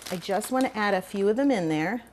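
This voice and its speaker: A woman's voice: mid-range voice, lively intonation, fairly quick, background noise. An older woman hosting a cooking show, chatting enthusiastically as she demonstrates a recipe.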